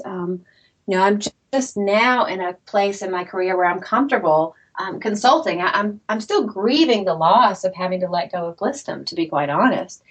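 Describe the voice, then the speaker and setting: Lively woman telling her story. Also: medium pitch, normal speed, slightly rough. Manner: lively, self-deprecating storyteller, laughs often. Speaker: interview guest, author. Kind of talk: storytelling interview.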